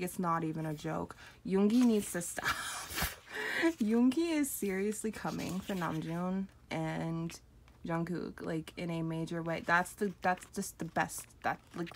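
A young woman unboxing an album on camera, gushing and giggling with lots of excited exclamations. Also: mid-range voice, slight background noise. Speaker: unboxing vlogger. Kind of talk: excited casual unboxing chat.

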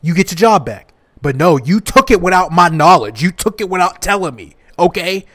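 A man with a high voice that leaps all over the place, trash-talking the game as he plays. He is loud and hyped, and he talks in a slangy, joking way. His running commentary keeps reacting to whatever happens on screen. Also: animated, normal speed. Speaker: gaming YouTuber. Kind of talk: playing and commenting on a wrestling video game.

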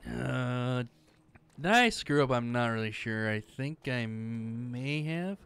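A man's voice: mid-range voice, expressive, slow, fairly bright tone, smooth. A man doing let's-play commentary, sarcastic and swearing, talking back at the game. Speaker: gamer playing through a game. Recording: noisy with clicking sounds.

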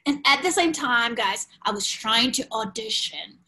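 A woman, a podcast guest frankly telling a personal story in animated, loose English. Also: fairly high pitch, normal speed, poor audio. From Ukraine. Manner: animated, frank, swears casually, non-native grammar.

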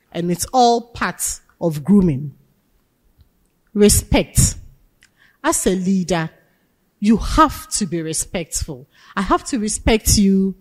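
A woman's voice: medium pitch, darkish tone. A woman teaching a leadership class, emphatic and asking her students questions. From Ghana. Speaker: lecturer. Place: lecture hall. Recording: long hall reverb.

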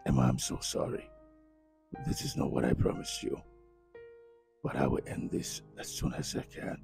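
A man's voice: extremely low pitch, level tone, moderate pace, gravelly, full character voice. An actor with a Nigerian accent playing a regretful husband who prays aloud, away from his wife and family. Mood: remorseful. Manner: prayerful, regretful inner monologue. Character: remorseful husband praying, far from his family. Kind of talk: film drama acting. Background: piano music.

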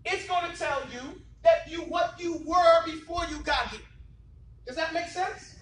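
High-voiced man lecturing a class. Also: unhurried, a bit bright. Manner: emphatic, preachy, keeps asking the class rhetorical questions. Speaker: Islamic teacher. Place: classroom, indoors. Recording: echoey room from far off, faint noise.

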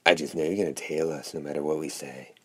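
A man reading the lines of a hoarse, wry, sardonic talking hand symbiote in an audiobook. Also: very deep voice, steady tone, fast, dry recording. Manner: wry, drawling.

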